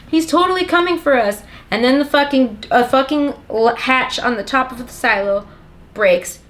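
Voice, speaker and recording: A woman's voice: mid-range voice, a bit bright. A young woman giving a rambling, sarcastic and profane comedic plot summary of a film. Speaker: comedic movie recapper.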